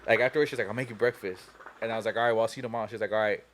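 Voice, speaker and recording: A man's voice: fairly low pitch, steady tone, very fast, a bit bright, a little hiss or hum. A young man on a podcast telling a long, profane story in a rambling way, full of "you know" and "like.". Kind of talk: casual storytelling chat.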